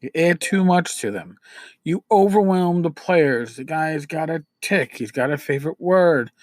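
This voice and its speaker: A man's voice: on the high side, animated, unhurried, no echo, clean studio sound. A man from New City, giving casual podcast advice in a chatty, repetitive way, swinging between emphatic and dropped-down asides. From New York City. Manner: chatty, repeats himself, restarts phrases. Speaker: podcast host.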